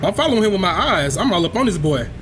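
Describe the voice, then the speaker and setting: A man's voice: high-pitched, big pitch swings, fast, background noise. A man hosting his gaming channel, giving playful, slangy trash-talk commentary while he plays and joking with his viewers. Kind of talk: live gameplay commentary.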